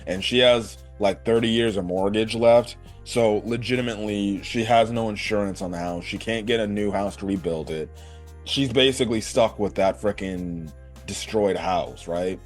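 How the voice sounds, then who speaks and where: A man's voice: on the low side, normal speed, faint music behind. A man casually recapping an anime episode, rambling with lots of fillers and cursing. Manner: rambling, swears, many fillers like "like" and "right". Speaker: anime reviewer.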